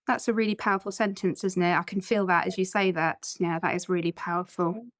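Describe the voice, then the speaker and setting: A woman's voice: on the low side, fairly even intonation, fairly quick, dry recording, clean studio sound. A middle-aged woman, hosting a podcast interview and asking reflective, empathetic questions in a chatty, self-deprecating way. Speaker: podcast host.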